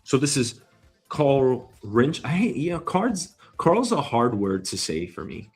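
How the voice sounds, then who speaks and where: Male host, mid-pitched, brash and profane, rambling news riff over a faint music bed. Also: big pitch swings, slow, darkish tone, husky. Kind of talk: casual news commentary.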